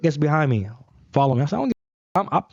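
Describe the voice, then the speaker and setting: Young man, fast talker, mellow voice, dull lo-fi sound. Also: on the high side, creaky, no echo. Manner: animated, acts out voices in stories, swears a lot. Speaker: guest. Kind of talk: casual storytelling.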